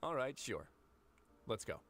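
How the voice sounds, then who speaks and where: An actor playing a calm, dryly teasing man who runs a prison, in a video game. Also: mid-range voice, measured pace, a little hiss or hum. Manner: dry, teasing, composed.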